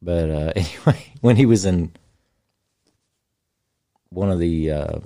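A man's voice: sits low, slow, warm tone. A man in casual chat, easygoing and agreeable, chuckling along.

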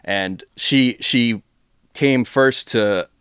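Boston guy cohost, smooth voice, dry sound, easygoing. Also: medium pitch, drawn-out words, fairly bright tone, no room sound. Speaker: podcast co-host. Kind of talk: casual chat.

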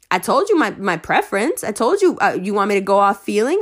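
A woman ranting to her followers, heated and sarcastic, swearing freely and at times rising almost to shouting. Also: mid-range voice, sing-song, normal speed. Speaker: online commentator.

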